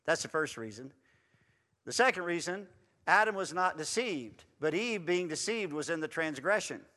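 A man preaching a folksy sermon in a church hall, animated and building to loud emphatic runs. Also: on the high side, moderate pace. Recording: long reverb in a hall.

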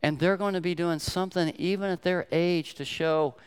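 An older man preaching a sermon, telling stories emphatically with sharp swings in loudness. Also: high voice, steady tone, moderate pace, clear, resonant tone. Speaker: pastor.

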